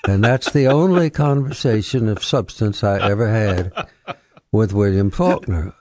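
An older man, a retired history professor telling anecdotes as a radio guest, halting with fillers. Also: fairly low pitch, animated, a little mellow, a little hiss or hum. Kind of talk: radio interview storytelling. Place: radio studio.

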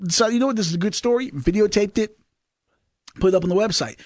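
A man's voice: high-pitched, quick pace, no echo, clean studio sound. A man from Virginia co-hosting a podcast, joking and teasing as he rambles through a story. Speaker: podcast co-host. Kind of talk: casual banter.

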